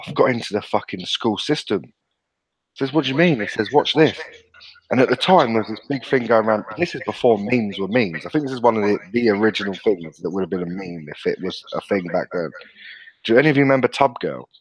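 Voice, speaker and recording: A man's voice: fairly low pitch, a little fast, low-quality recording. A man in his thirties telling sweary, laughing stories as a podcast host. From England. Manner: sweary, laughing, animated storyteller. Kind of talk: casual chat, storytelling.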